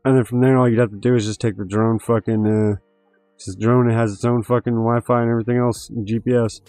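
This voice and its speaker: A man's voice: mid-range voice, flat delivery, fast, mellow, no room sound, soft background music. A man hosting a casual livestream, rambling and swearing with lots of fillers. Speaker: livestream host.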